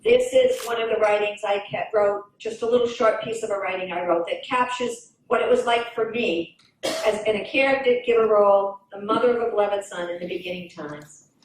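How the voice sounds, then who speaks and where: A woman in her seventies giving an earnest personal talk at a fundraiser, telling stories and reading her own writing aloud. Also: mid-range voice. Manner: earnest, storytelling, pauses and restarts. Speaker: guest speaker. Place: banquet hall at a fundraising event. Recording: echoey hall, mic from far off.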